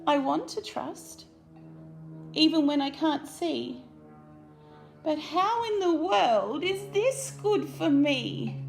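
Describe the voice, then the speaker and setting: A woman reading aloud, voicing a small scared boy seed in a high, small, wondering voice. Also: lively intonation, slow pace, gravelly, pauses often, faint music behind, exaggerated voice.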